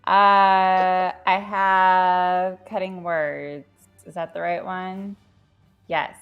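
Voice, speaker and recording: A woman playing a tabletop game, working out her move slowly and deliberately. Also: on the low side, level tone, smooth, muffled recording, soft background music. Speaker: player.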